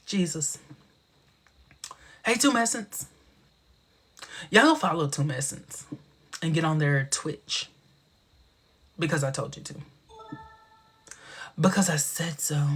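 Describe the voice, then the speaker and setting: A man hosting a casual live stream, talking in a sassy, chatty way with a big booming laugh. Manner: sassy, chatty, drawn-out expressive delivery.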